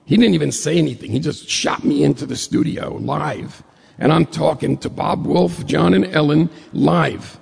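A man from New York State telling a personal story to an audience in a lively way, acting out the dialogue as he goes. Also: fairly high pitch, moderate pace, gravelly, husky, in a large hall.

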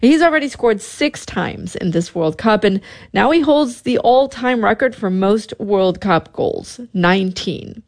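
A woman radio news reporter filing a scripted report at a brisk cadence. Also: medium pitch, animated.

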